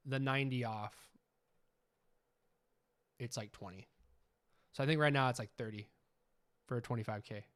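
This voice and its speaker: Chatty excitable man streaming live. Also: mid-range voice, clear, resonant tone. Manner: chatty, excitable, keeps asking "you know what I'm saying". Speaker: live trading stream host. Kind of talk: casual live-stream commentary.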